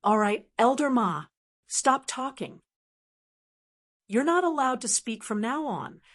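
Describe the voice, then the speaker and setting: A woman's voice: a little high, expressive, slow pace. A woman voicing a stern male commander in an audiobook, speaking in a commanding way.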